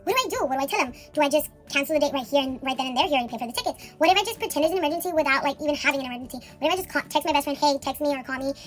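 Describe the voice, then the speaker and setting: A woman acting out her own panicked inner thoughts in a frantic, rapid-fire way. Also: sits high, lively intonation, faint music behind, pitched above the performer's own voice.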